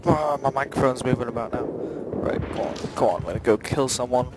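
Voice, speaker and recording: A man's voice: medium pitch, fairly quick, very noisy. A young man giving silly, rambling commentary while playing a shooter game, with frustrated outbursts, on a headset mic. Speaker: gamer. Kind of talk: gameplay commentary. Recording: loud gunfire game audio behind.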